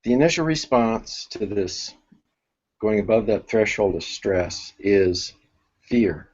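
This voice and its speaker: Slow, halting man teaching a workshop. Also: on the low side, animated, a little mellow, breathy edge, dull audio. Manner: halting, thinks aloud with many restarts. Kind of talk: spiritual workshop lecture.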